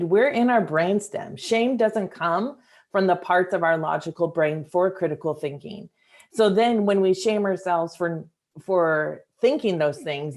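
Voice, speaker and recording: A woman hosting a podcast interview, talking in a thoughtful, earnest way and speaking straight to her listeners. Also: lowish voice. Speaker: podcast host. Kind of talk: reflective interview conversation.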